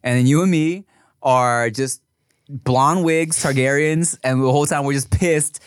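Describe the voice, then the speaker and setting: A man's voice: mid-range voice, a little slow, smooth, no echo, studio quality. A young man co-hosting a casual podcast, telling stories in a loose, profane way and laughing often. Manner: laughs often, swears freely, animated storytelling. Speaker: podcast co-host.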